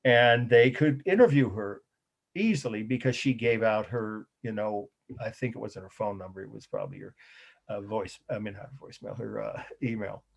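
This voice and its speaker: A man's voice: lowish voice, lively intonation, moderate pace, gravelly, husky. Rambling man giving a college lecture. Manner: rambling, self-correcting, conversational. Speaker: college art history instructor. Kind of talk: live class lecture.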